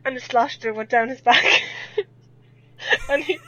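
A woman's voice: on the high side, takes it slowly, fairly bright tone. A young Irish woman telling a rambling story in casual chat, laughing often as a podcast guest. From Ireland. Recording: dull lo-fi audio.

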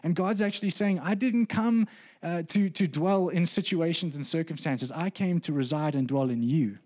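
A man's voice: fairly high pitch, moderate pace, darkish tone. Earnest man preaching a testimony sermon. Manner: earnest, builds to emphatic preaching. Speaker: pastor.

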